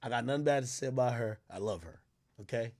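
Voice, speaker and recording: A man with a medium-pitched, darkish voice talks fast with lively intonation in a dry, studio-quality recording. Tipsy on his livestream, he chats casually, rambling and swearing, laughing often and mimicking other people.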